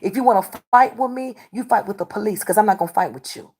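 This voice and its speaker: A combative woman on a livestream, calling out her chat again and again. She scolds and repeats herself, with an everyday pitch that sits in the middle of the range. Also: fast, a little mellow, slightly rough. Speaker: livestreamer doing readings. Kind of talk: confrontational livestream talk to chat.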